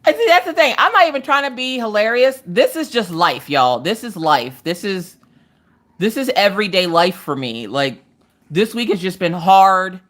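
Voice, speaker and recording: A woman hosting a casual craft livestream, telling animated, exasperated stories about her family. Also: medium pitch, normal speed. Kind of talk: casual chat.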